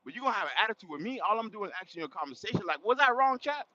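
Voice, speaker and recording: A man's voice: high voice, expressive, very fast, sharp tone, slight background noise. A man telling a story to his livestream chat in a casual, slangy way, often laughing and exclaiming. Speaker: livestream host. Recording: dull lo-fi sound.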